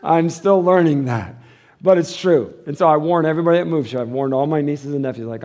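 A man's voice: a little high, fairly quick, a little mellow. A middle-aged man, a pastor, giving a conversational sermon, acting out quoted voices and chuckling often.

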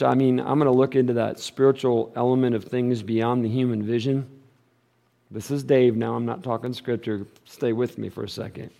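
A middle-aged male pastor preaching a sermon, joking and animated, then dropping to a hushed, earnest tone. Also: medium pitch, gravelly.

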